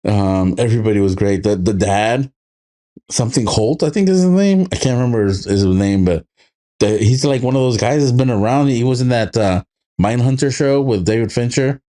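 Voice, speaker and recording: A man with a mid-range voice co-hosts a casual podcast. He talks in a loose, laid-back way, swears freely and bursts into animated voices when quoting. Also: mid-range voice, normal speed. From immigrated to the United States as a child. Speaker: podcast co-host. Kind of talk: casual chat.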